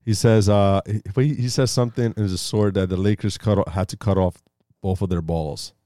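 A man's voice: fairly low pitch, steady tone, fairly quick, dark tone, no echo. A man co-hosting a casual sports podcast, talking in laid-back, joking banter. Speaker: podcast co-host.

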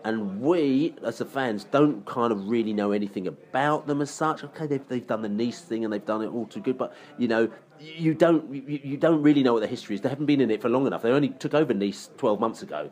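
A man's voice: mid-range voice, a little fast, few pauses, a little mellow. A man talking casually on a football fan podcast, rambling and full of "you know". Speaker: podcast co-host. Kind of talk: casual pub podcast chat.

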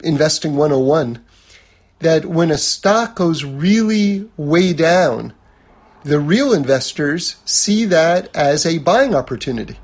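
Male religious teacher, high husky voice, relaxed conversational lecturing with everyday examples. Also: takes it slowly.

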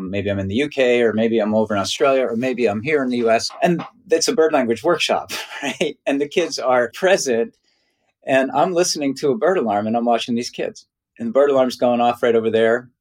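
A man telling stories as an interview guest, loose and conversational, acting out other people's voices with big jumps in pitch. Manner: loose, conversational, many "you know" and "right". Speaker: interview guest, nature mentor.

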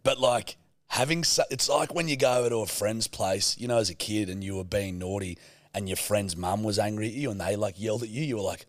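A man's voice: on the low side, brisk, dry recording. A man with an Australian accent, co-hosting a podcast in casual banter, swearing freely and cracking puns. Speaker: podcast co-host.

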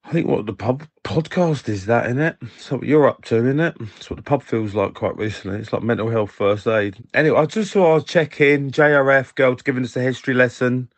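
A man's voice: mid-range voice, fairly quick, hardly any pauses, no echo. A man leaving a casual voicemail for a podcast while eating, cheeky and gossipy. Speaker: caller.

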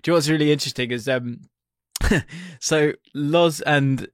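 A man's voice: on the high side, measured pace, no room sound, clean studio sound. A man co-hosting a football podcast, chatting casually and rambling with frequent ums and restarts. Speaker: podcast co-host.

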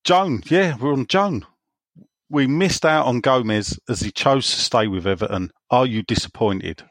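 A man's voice: medium pitch, unhurried, a bit bright, no echo, clean studio sound. A man with an East End London accent hosting a casual podcast chat, joking around and reading out listener questions. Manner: jokey, reads out listener questions. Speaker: podcast host.

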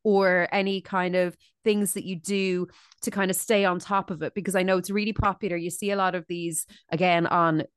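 A woman's voice: fairly low pitch, little pitch movement, moderate pace, smooth, dry recording, clean studio sound. Chatty woman podcast host. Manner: chatty and rambling, with many likes and ums. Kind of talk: casual podcast chat.

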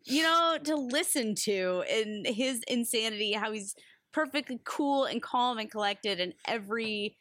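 A woman's voice: a little high, animated, measured pace, a bit bright, dry recording. A woman co-hosting a podcast, chatting enthusiastically and laughing often. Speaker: podcast co-host. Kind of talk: casual chat.

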